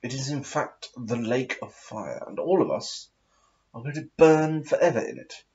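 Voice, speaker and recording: A man's voice: mid-range voice, lively intonation, normal speed, a little mellow, dull audio. A man in a rambling casual monologue, talking in an affected, posh, aristocratic put-on voice and swearing often as he meanders. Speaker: vlogger.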